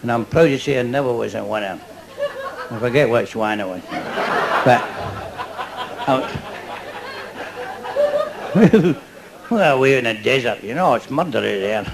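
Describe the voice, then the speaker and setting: A man's voice: medium pitch, lively intonation, unhurried, gravelly, long pauses, crowd noise, poor audio. An older Scottish man doing a stand-up routine before a live audience, chatty and cheeky, laughing at his own jokes. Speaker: stand-up comedian.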